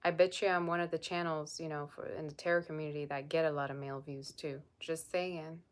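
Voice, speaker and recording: A woman's voice: low-pitched, level tone, fairly quick. A woman tarot reader chatting on a live stream, blunt and sassy as she reads and answers viewer comments. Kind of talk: casual live-stream chat.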